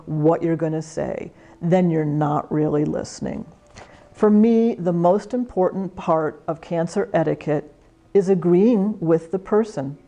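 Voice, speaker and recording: A woman giving a volunteer training talk in a calm, earnest way, acting out example phrases to say to people. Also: lowish voice.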